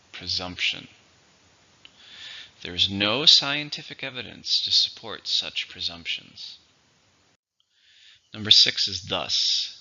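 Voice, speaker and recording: Gravelly-voiced man teaching vocabulary. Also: fairly low pitch, bright, forceful tone, highs cut off. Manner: methodical, repeats words slowly for syllables and stress. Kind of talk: vocabulary lesson.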